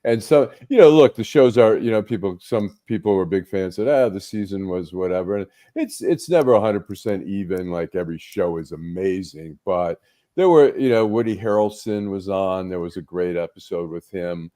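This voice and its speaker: A man on a panel show, chatting casually and acting out comedy scenes with lively retelling. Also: low voice, normal speed, no room sound, studio quality. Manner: animated storyteller, acts out scenes.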